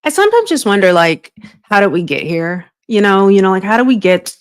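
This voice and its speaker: A woman's voice: medium pitch, very animated, brisk, dry recording, studio quality. A woman hosting an interview who talks in a chatty, searching way with many fillers. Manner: chatty, many fillers and restarts, laughs easily. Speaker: podcast host. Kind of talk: conversational interview.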